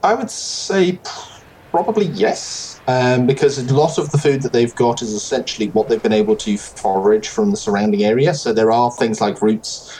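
A game master running a tabletop game, thinking aloud with many fillers and pauses. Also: medium pitch, darkish tone, low-quality recording.

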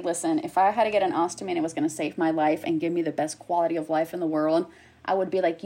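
A woman in casual chat, telling a personal story with lively acted-out quotes. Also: mid-range voice, normal speed. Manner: animated storyteller, acts out quotes. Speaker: guest sharing her story.

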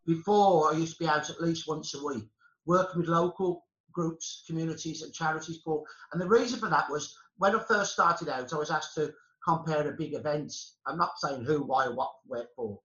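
Birmingham man, bright forceful voice, fervent guest speaker, echoey muffled sound. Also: on the high side, moderate pace. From Birmingham, England. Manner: passionate, emphatic, speechmaking. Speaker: historian guest. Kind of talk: conversation on a podcast panel.

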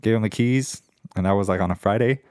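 A man's voice: fairly low pitch, fast, a little mellow, dry recording, studio quality. A man in his twenties telling a rambling, profane story in casual chat. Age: 20s.

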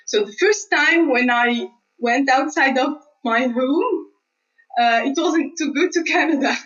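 Woman, high voice, earnest, kinda hesitant, sounds far off and muffled. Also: measured pace, fairly bright tone, faint music behind. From Tunisia. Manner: earnest, hesitant restarts, light laughs. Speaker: guest scientist. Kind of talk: conversational interview answers. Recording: distant, dull remote recording.

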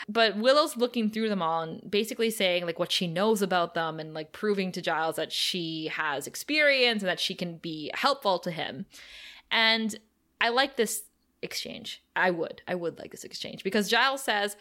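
An animated woman co-hosting a casual podcast. She retells scenes in a lively, chatty way, laughing often as she goes. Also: mid-range voice, moderate pace. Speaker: podcast co-host recapping episodes. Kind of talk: casual chat.

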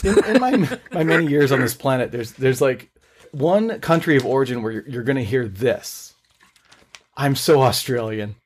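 Male co-host, animated storyteller, lively pitch, casual banter. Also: moderate pace, breathy edge. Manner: animated storyteller, laughs often. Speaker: podcast co-host. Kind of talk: casual chat.

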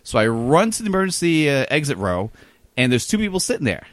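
A man's voice: a little high, sing-song, no echo. A man telling a rambling, self-deprecating travel story in a casual podcast chat. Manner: rambling, self-deprecating, quick anecdotal delivery.

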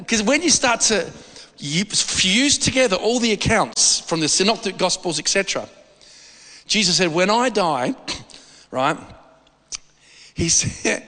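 Male preacher, high bright tone, rambling and animated, big echoing hall. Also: moderate pace. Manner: animated, rambling, acts out quoted voices. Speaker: pastor. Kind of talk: sermon.

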